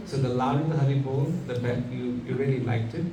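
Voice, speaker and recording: Animated man telling a devotional story. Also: mid-range voice, fast. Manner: animated, acts out characters, asks the audience questions. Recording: echoey room from far off, background noise.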